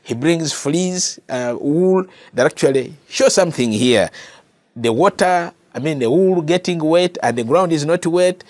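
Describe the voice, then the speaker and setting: In a slightly high, slightly mellow voice with lively intonation, a Ugandan-accented preacher gives a Bible lesson as a sermon at a measured pace. He's earnest, repeats key phrases to stress them, and speaks to listeners as brother and sister; there's no echo.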